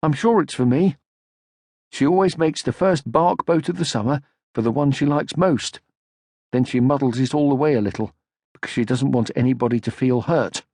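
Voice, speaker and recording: A man voicing a gentle, earnest young male troll creature in an audiobook, in a soft voice. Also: mid-range voice, normal speed, dry recording, studio quality, close to an everyday voice. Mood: wistful. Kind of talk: audiobook character voice.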